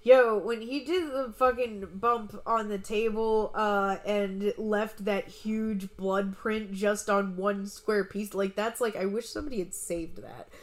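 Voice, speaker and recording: A young woman comedian talking as a guest in a medium-pitched, everyday voice. She tells her stories in a loose, rambling way, restarting her sentences often. She swears a lot as she talks. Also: fairly even intonation, measured pace, hardly any pauses. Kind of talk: casual conversational storytelling.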